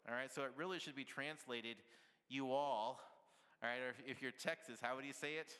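Bright-voiced male pastor in a reverberant church. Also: mid-range voice, brisk. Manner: conversational, playful asides with laughs and "right?". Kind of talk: sermon.

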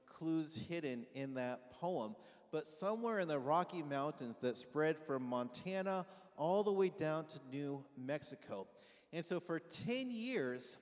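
A pastor giving a conversational sermon, asking his congregation questions and having them call back answers. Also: a little high. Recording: long reverb of a large hall.

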